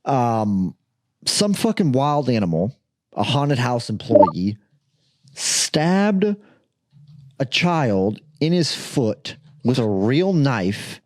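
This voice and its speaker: A man's voice: mid-range voice, big pitch swings, extremely slow, darkish tone, dry recording. A young man co-hosting a podcast, telling a rambling story with lots of swearing and laughter. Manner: profane, rambling, laughs often. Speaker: podcast co-host. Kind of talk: casual chat, storytelling.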